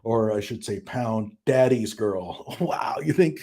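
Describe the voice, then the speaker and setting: A man's voice: fairly low pitch, animated, slow pace, few pauses, warm tone. A man hosting a live stream, chatting casually and mockingly, with frequent laughs and fillers.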